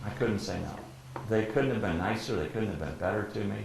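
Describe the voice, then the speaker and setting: An older sportscaster from Detroit tells his stories to a gathering, his somewhat low voice bouncing around a very echoey room. He acts out what others said and laughs often, with a faint hum of noise behind him. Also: a little fast, gravelly. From Detroit, USA. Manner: lively storyteller who acts out quotes and laughs often. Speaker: guest speaker, professional sportscaster. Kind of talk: anecdotal storytelling talk.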